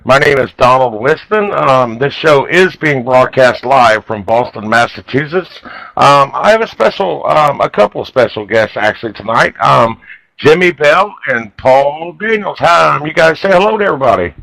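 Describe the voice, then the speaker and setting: A man from Ohio hosting a live radio talk show, speaking haltingly with many ums and restarts as he puts questions to his guests. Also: mid-range voice, expressive, gravelly, a bit bright, dry recording, poor audio.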